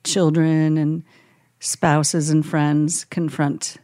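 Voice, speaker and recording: Hospice chaplain, woman, gentle reflective co-host, lower register, dry studio mic. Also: little pitch movement, extremely slow, dry recording. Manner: gentle, reflective, acts out quoted phrases softly. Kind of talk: casual podcast chat.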